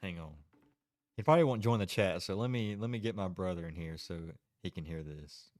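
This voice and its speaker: A man's voice: low voice, lively intonation, brisk, darkish tone, dry recording. A man hosting a casual livestream, chatty and giggly, stalling and restarting between laughs. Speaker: livestream host.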